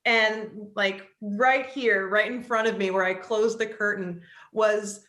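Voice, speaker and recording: Woman, East Coast US upbringing, interview guest. Bright, lively storytelling, heavy filler words, recorded in an echoey room. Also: mid-range voice, slow pace. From East Coast of the United States. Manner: animated, frequent "like" fillers. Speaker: author and psychologist, interview guest.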